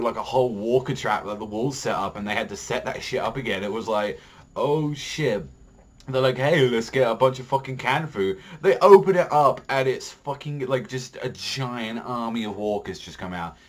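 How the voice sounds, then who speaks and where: A young man casually reviewing a TV episode on his vlog, swearing constantly and rambling with heated opinions and lots of fillers. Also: mid-range voice. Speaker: TV show reviewer.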